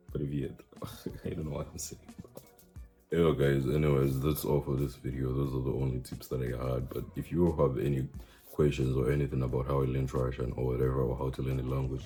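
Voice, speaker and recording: A man's voice: extremely low pitch, vocal fry, mellow. A young man giving casual language-learning advice in a rambling, playful way, full of fillers. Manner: rambling, chatty, many fillers; playful, teasing.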